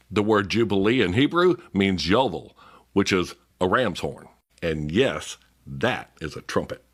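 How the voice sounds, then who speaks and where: Deep-voiced man narrating with dry wit. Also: a bit bright. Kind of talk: explanatory video narration.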